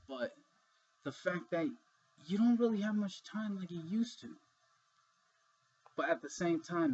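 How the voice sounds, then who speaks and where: A man's voice: on the high side, a little mellow, husky, dull audio. A man talking frankly in a casual monologue vlog, rambling and swearing freely as he goes.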